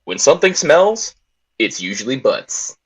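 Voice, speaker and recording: A man's voice: mid-range voice, sing-song, a little slow, a bit bright, slightly rough, dry recording, heavily acted. A man voicing a nervous young defense attorney, narrating earnestly while reading a game aloud. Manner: earnest first-person narration. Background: game music.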